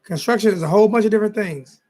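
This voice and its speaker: A high-voiced man in his forties hosts a casual late-night sports talk livestream, speaking at a racing clip with a darkish tone. He sounds tired, rambling and repeating himself as he addresses his chat directly, with faint music in the background.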